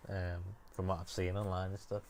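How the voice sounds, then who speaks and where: A man hosting a relaxed music chat show, talking loosely and hesitantly with lots of fillers. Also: low voice, brisk, crowd noise.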